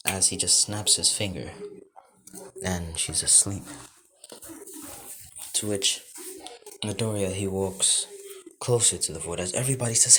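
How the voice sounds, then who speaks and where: Slow, deep-voiced man telling a story. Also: pushed and bright. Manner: rambling, run-on sentences chained with "as". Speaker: fan fiction storyteller. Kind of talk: improvised story narration.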